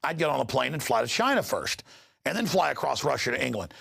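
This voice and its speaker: Agitated male host, middle-aged, gravelly and highly animated; ranting commentary with stuttered repeats. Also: fast talker. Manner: agitated, ranting, repeats words when excited. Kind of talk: heated news commentary.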